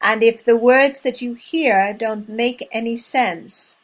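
A woman leading a language lesson drill, speaking slowly and clearly and pausing between words. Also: a little high. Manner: clear, measured, spacing out each word. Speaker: language teacher. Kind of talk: slow, deliberate language drill.

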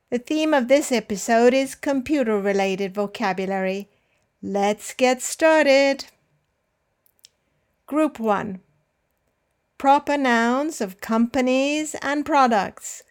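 A woman hosting an English pronunciation podcast, speaking with clear, careful enunciation and leading listen-and-repeat drills. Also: on the high side. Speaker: English teacher and podcast host. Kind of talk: slow, deliberate pronunciation lesson.

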